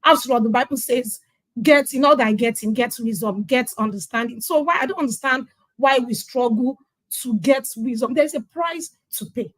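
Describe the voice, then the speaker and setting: Emphatic Nigerian woman, fairly high voice. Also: moderate pace, no echo, low-quality recording. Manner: emphatic storyteller who acts out quoted dialogue. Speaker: interview guest sharing her parenting journey. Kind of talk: conversational testimonial.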